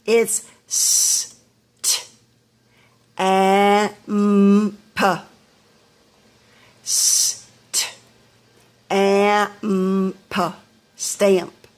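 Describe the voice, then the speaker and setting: Slow, deliberate woman teaching phonics. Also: fairly high pitch. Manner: slow, deliberate, sounding out letters one by one. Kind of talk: phonics lesson for young children.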